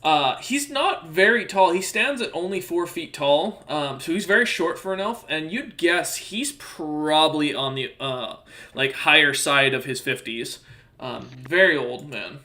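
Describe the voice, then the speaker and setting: A man narrating a tabletop game as its game master, speaking casually and filling gaps with ums and uhs. His voice is slightly high and bright. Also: animated, a little slow. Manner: casual, many fillers like um and uh.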